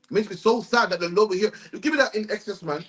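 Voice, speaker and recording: A man's voice: sits high, fast, a bit bright. A man leading a bible study, talking emphatically and tagging his sentences with "man". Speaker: religious teacher.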